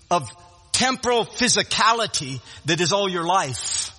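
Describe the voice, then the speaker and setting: A man's voice: sits high, lively intonation, a little slow, sharp tone, big-room sound. A man preaching a sermon in an emphatic way, often repeating words and restarting phrases.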